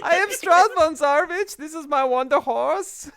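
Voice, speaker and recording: A man's voice: high voice, level tone, normal speed, creaky, fairly bright tone, pitched above the performer's own voice, full character voice. A man putting on a comic German accent as a pompous vampire lord, hamming it up. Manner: hammy, mock-grand.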